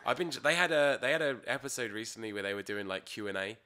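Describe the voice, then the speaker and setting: A man co-hosting a casual English podcast, excitable and sweary, often restarting his sentences. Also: fairly low pitch, fast. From England. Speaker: podcast co-host. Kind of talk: casual chat. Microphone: studio microphone at a table.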